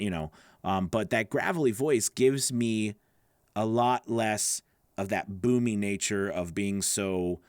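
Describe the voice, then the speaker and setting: A voice acting coach talks straight to his students, his slightly nasal, gravelly voice rising and falling a lot as he rambles and restarts. He keeps checking in with them as he goes. The sound is close and dry, with no room in it. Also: mid-range voice, dry recording. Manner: loose, rambling, with restarts and checks like "okay? right?". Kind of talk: casual teaching to camera.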